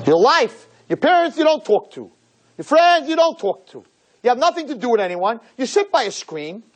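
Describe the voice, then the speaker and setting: A man's voice: big pitch swings, moderate pace, rough recording. A man giving a lecture as a rabbi to a room of girls, emphatic and preachy, full of rhetorical questions and repetition. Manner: pitch swings widely, jumping high on key points. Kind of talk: sermon-style lecture to a live audience.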